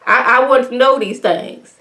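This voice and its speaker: A woman giving a casual, animated, exclamatory retelling of a TV episode as a recap vlogger. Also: fairly high pitch, normal speed.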